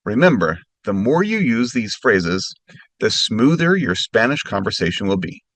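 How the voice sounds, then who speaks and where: A man teaching phrases as a language lesson, speaking slowly and carefully and repeating each phrase more slowly. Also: lowish voice, very animated, a bit bright, no echo. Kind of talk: instructional narration.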